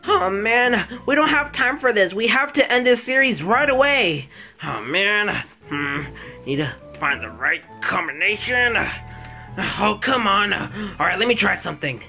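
A man's voice: high-pitched, big pitch swings, measured pace, vocal fry, sharp tone, soft background music, exaggerated voice. A man voicing a timid male plumber hero who talks nervously, stammers and panics easily, in a plush toy video. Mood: excited.

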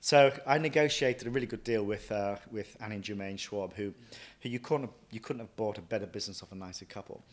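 Man, chef, low voice, animated storytelling, quotes himself. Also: fast, hardly any pauses. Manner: lively anecdotal, quotes himself often. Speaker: chef and restaurant owner. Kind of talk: casual interview storytelling.

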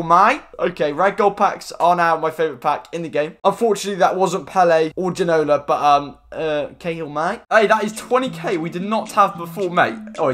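Young guy, gaming commentary, slangy and excitable, slightly high voice. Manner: excitable, slangy, bursts into loud outbursts. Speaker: gaming YouTuber. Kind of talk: casual gameplay commentary.

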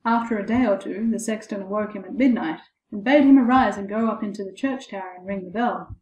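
A woman narrating a fairy tale in a measured, expressive storybook reading. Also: medium pitch. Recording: echoey room.

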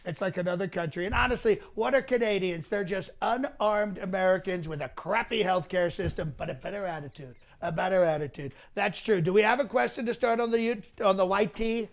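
A man's voice: sits high, a little fast, vocal fry, few pauses. A male comedian doing an impression of a boastful president, rambling and repeating himself in a mock press conference. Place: mock press room set.

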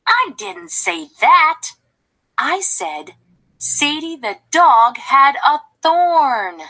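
A woman voicing a fussy, gossiping female hen in a storybook with a shrill, indignant voice. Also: expressive, very slow, bright, forceful tone, full character voice.

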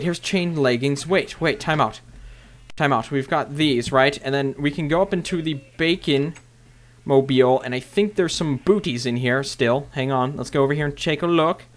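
A young man casually narrating his own game play to viewers, chatty and bursting into loud excited shouts. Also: medium pitch. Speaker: gaming video host. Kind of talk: casual Minecraft let's play commentary.

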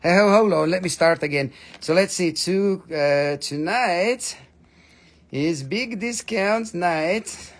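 A man hosting a live-stream mineral sale. He talks in excitable, joking bursts, and his English has non-native phrasing. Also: high-pitched, slow. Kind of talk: live-stream sales pitch.

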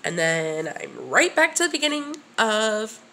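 A woman's voice: mid-range voice, very animated, unhurried, pushed and bright, slight background noise. A woman recording her first vlog at her desk, nervous and shaky, rambling with restarts and whispered asides to herself. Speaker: channel creator. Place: home room at a desk. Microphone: at her desk facing camera.

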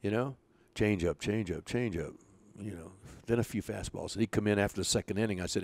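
A man's voice: lowish voice, brisk, darkish tone, husky, dry recording. Older man telling rambling baseball stories. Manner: rambling, chuckling anecdotes with restarts. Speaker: retired pitching coach, interview guest. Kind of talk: casual storytelling.

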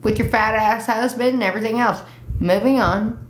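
A woman hosting a casual livestream, brash, loud and profane. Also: on the high side, brisk, echoey room. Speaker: livestream host.

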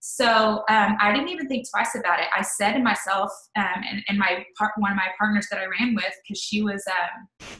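A woman in her thirties, an interview guest telling a personal story in a chatty, animated way. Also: mid-range voice, moderate pace. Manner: chatty, animated, full of "like" and quoted asides. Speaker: network marketing leader, interview guest. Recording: echoey room.

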